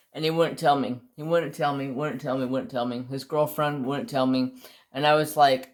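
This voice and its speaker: A man's voice: fairly high pitch, fairly even intonation, moderate pace. A man casually telling a long personal story on his crafts channel, rambling with restarts and mild swearing. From United States.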